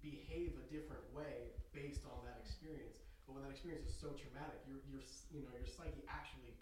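Distant echoey man explaining calmly. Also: mid-range voice, fast. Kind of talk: casual discussion. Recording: distant echoey mic with noise.

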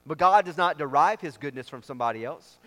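A man's voice: fairly high pitch, expressive, quick pace, fairly bright tone. A man preaching a sermon as pastor, with an emphatic, repetitive cadence. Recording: long reverb of a large hall.

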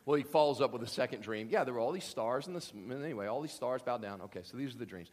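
Animated man preaching in a hall. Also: medium pitch, quick pace, hardly any pauses. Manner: animated, joking, acts out voices. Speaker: pastor. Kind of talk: sermon.

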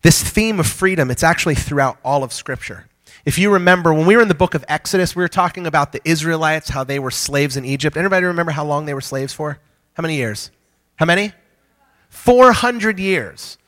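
A man's voice: fairly high pitch, a bit bright. A man preaching a sermon to a congregation, joking with the listeners and talking in a casual, conversational way. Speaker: pastor.

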